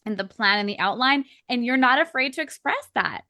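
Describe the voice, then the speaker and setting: Woman host, affirming, higher pitch, dry close recording. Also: lively intonation, a little fast, bright, forceful tone, no room sound. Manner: affirming, many fillers and "right?". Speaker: podcast host. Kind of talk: casual interview chat.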